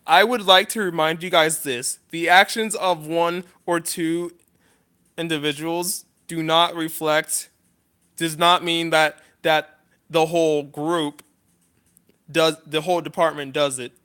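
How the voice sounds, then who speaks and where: Halting, earnest man with a bright voice. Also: fairly high pitch, steady tone, smooth. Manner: halting, pausing often with restarts; earnest, apologetic. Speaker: vlogger. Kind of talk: unscripted list vlog.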